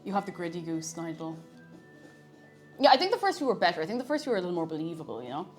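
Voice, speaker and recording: A woman's voice: fairly low pitch, very animated, rapid-fire, soft background music. A young woman, chatting casually with viewers on a live cooking stream. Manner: chatty, greets viewers, makes silly animal noises.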